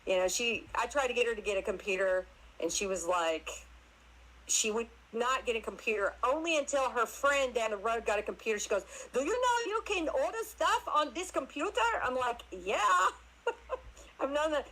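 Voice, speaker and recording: A woman guest telling casual stories in an animated way, laughing often and acting out other people's voices. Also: mid-range voice, moderate pace, poor audio. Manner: animated, laughs often, acts out her mother's voice. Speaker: interview guest. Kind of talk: casual storytelling chat.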